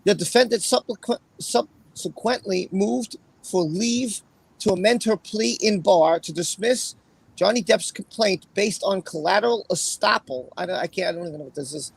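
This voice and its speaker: A man hosting a casual livestream with a raspy voice, chatting and then reading a court opinion aloud in a rambling way. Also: sits high, moderate pace, no echo. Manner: rambling, chatty, with fillers and repeated phrases. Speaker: livestream host.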